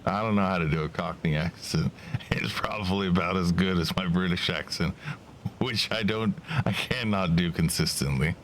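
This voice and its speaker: Homme à la voix grave, streamer détendu. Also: male voice, low-pitched, normal speed, a little hiss or hum. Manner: laid-back, amused, musing aloud. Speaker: VTuber streamer. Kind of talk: casual game commentary.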